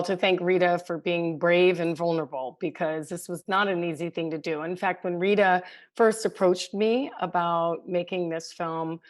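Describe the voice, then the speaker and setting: Earnest woman filmmaker, low voice. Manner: earnest, grateful. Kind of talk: panel discussion.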